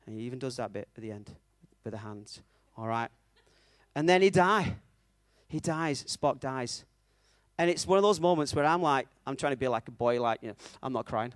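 A man's voice: mid-range voice, animated, moderate pace, no room sound. A man preaching a conversational sermon, telling a story and checking in with his audience, with a self-mocking manner.

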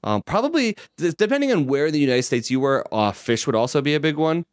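A man's voice: a little high, lively intonation, quick pace, no echo, clean studio sound. A young man hosting a casual podcast, rambling playfully with many restarts and fillers. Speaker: podcast host. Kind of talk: casual chat.

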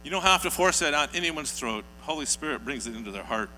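A man's voice: a little high, animated, fast talker, sharp tone. A man preaching a sermon, telling stories earnestly and building to emphatic peaks. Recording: hall reverb with faint mains hum.

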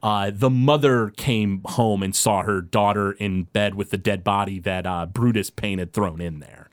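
A man's voice: lowish voice, fairly even intonation, unhurried, no echo, clean studio sound. A man running a tabletop game as game master, narrating in a rambling way with many fillers. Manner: rambling, full of fillers and restarts.

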